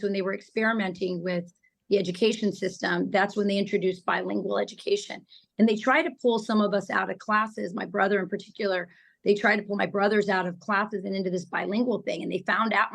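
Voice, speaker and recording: Female guest commentator, earnest and passionate, mid-pitched with some vocal fry. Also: fairly bright tone, rough recording. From United States. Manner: passionate, personal storytelling with frequent fillers. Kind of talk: political talk show conversation.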